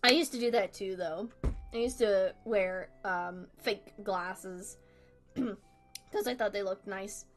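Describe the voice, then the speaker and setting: A woman's voice: medium pitch, takes it slowly, faint music behind. Giggly woman chatting on a stream. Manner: giggly, rambling, self-deprecating. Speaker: streamer drawing live. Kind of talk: casual livestream chat.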